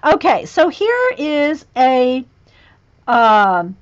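A woman's voice: high voice, very animated, extremely slow. A woman hosting a casual livestream, chatting to viewers as she pages through a coloring book, often chuckling and spelling words aloud. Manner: chatty, chuckling, reads out spellings and checks pronunciations. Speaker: livestream host. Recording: muffled lo-fi livestream audio.

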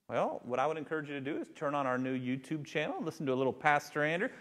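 A male pastor delivering a sermon, telling a story with animated delivery and building to fervent emphasis. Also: fairly high pitch, rapid-fire, few pauses.

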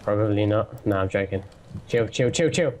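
A man's voice: lowish voice, normal speed, a crowd in the background. Dry, sarcastic young man gaming. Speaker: co-player. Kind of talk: casual gaming chat.

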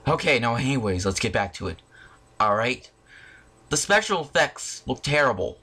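A young man delivers a heated movie rant from his home. His voice is bright and sharp, and his pitch jumps widely. He swears often and sounds openly irritated. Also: sing-song, normal speed, a little hiss or hum. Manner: irritated, profane, exclamatory. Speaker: video channel host. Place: at home, in front of a disc collection.

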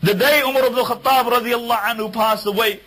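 A man's voice: very high voice, steady tone, a little fast, fairly bright tone, poor audio. A man giving an Islamic lecture, telling a story in an earnest, emphatic way and repeating key lines for weight. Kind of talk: storytelling sermon.

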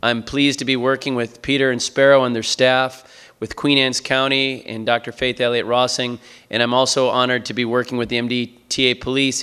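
A man from Wisconsin presents at a community town hall. His voice is bright and clear, and he talks in a friendly, conversational way about managing a race event. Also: medium pitch. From Green Bay, Wisconsin.

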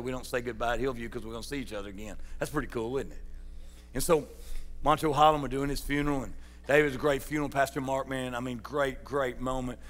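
A pastor preaching a sermon in a folksy way, calling out to the congregation. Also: male voice, medium pitch, a bit bright. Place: large church sanctuary. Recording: church hall reverb.

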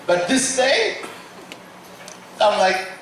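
A man tells his life story from the pulpit in a slightly high, very animated voice, acting out the people in it. The sound rings through a large echoing hall, caught from a distance over a faint room hum. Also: drawn-out words. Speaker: guest speaker. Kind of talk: sermon testimony. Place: large church auditorium. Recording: echoey hall from far off.

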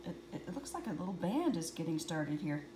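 A woman's voice: sits low, big pitch swings, fairly quick, roomy sound, background noise. Giggly woman reading a picture book. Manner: giggly, with chatty asides between pages.

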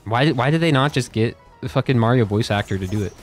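A young YouTuber plays a game and chats casually with his viewers, his mid-range voice fast over soft background music. His loose commentary is full of swearing and laughter.

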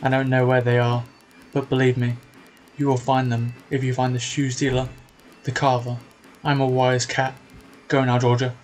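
A man voicing a wise, cryptic talking cat in a video game, speaking slowly with formal, solemn phrasing over faint music. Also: medium pitch, monotone, a little mellow, close to an everyday voice, low-quality recording.

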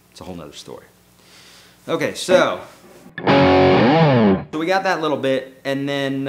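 Laid-back man teaching guitar. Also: fairly low pitch. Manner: loose, joking, self-deprecating. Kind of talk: casual guitar lesson. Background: guitar playing.

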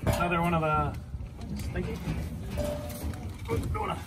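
A man's voice: on the high side, huge pitch swings, measured pace. A man, a cattle vet, chatting and joking as he explains his work in a cattle yard. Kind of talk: casual explainer vlog while working. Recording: loud music playing behind.

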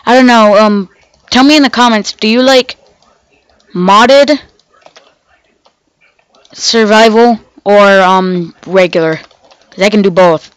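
Her mid-range voice has a clear, resonant tone, and she talks slowly with many pauses. There's no echo, though the recording is rough. A gaming channel host who is sick, she rambles casually during play, chatting to herself and the game's animals.

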